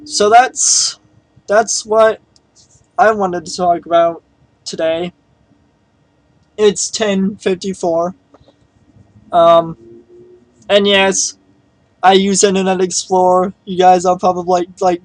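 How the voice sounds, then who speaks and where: A man's voice: sits high, level tone, slow pace, long pauses, no echo, poor audio. A young man telling a story in a casual vlog, rambling and hesitant with many fillers. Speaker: vlogger.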